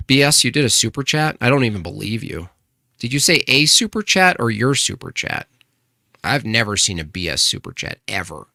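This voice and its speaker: A man's voice: lowish voice, gravelly, bright, forceful tone, dry recording, studio quality. A man hosting a casual live stream, arguing with chat and asking pointed rhetorical questions. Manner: argumentative, rhetorical questions, restarts.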